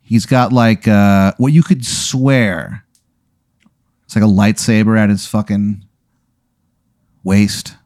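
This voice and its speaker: A man's voice: fairly low pitch, steady tone, takes it slowly, long pauses, a little mellow, dry recording, clean studio sound. A man narrating an improvised tabletop game as game master, casual, with many fillers and swearing.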